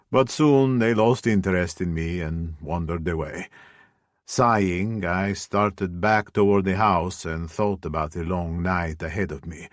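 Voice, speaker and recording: A man reading a first-person audiobook in a measured, brooding way. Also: sits low, no echo, clean studio sound. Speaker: audiobook narrator.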